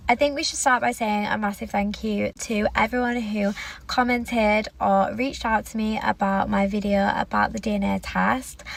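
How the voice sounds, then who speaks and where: A woman's voice: medium pitch, vocal fry. A woman speaking tearfully in a personal vlog. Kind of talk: vlog to camera.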